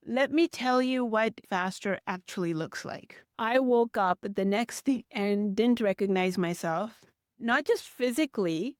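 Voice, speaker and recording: Candid woman with a smooth, resonant voice. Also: medium pitch, no echo, studio quality. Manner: candid, emotional, acts out past conversations. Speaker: health vlogger. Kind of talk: personal storytelling to camera.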